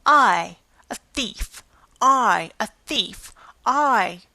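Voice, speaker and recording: Woman voicing indignant old lady, yelps high and loud, dry close sound. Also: steady tone, a little slow, dry recording. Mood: outraged. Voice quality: shrill, yelping. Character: enraged old woman box-keeper, shrill and indignant.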